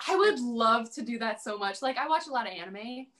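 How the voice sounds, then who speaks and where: A woman's voice: fairly high pitch, lively intonation, fairly quick, fairly bright tone. A young adult woman guest on a podcast, chatting casually about cosplay, peppering her talk with "like" and laughing often. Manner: chatty, heavy use of "like", frequent laughs. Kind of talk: casual interview chat.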